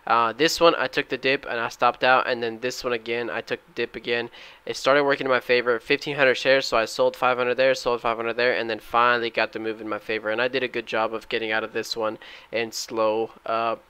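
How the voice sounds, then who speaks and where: A man's voice: mid-range voice, a little fast, clear, resonant tone, no echo. A young man recapping his day trades over screen recordings, talking casually and getting worked up when a trade fails. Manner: excitable, shouts at the chart when trades fail. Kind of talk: trading recap with screen commentary.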